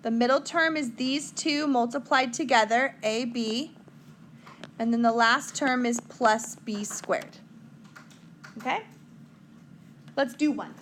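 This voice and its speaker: A woman's voice: sits high, a bit bright, slight background noise. A woman teaching a math lesson at a whiteboard in a chatty, joking way, talking to her students.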